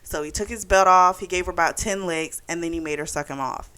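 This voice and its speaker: A woman's voice: lowish voice, a little fast, sharp tone, smooth. A young woman recapping a novel for her book club channel, talking casually with lots of "like" and "you know". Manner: chatty, full of "like" and "you know".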